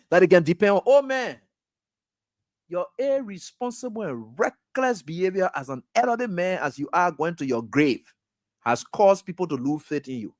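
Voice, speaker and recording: A Liberian talk radio host rails against the government in a high, insistent voice, scolding and firing off rhetorical questions at the president. His accent is Liberian English, and his voice sits close and dry on a studio mic. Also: fairly bright tone, no echo. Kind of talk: fiery political commentary.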